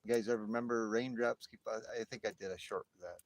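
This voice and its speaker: Rambling, excitable man streaming outdoors. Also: on the low side, fast, slight background noise. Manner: rambling, exclamatory, easily excited. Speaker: livestream host. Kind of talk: casual live chat with viewers. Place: outdoors by a fire at night, light rain. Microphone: phone livestream.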